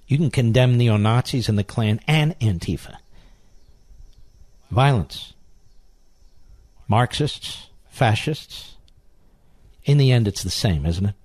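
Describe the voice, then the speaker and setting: A man's voice: fairly low pitch, expressive, slow, pauses often, darkish tone, no echo. Man, talk radio host, indignant monologue, repeats for emphasis, dry close sound.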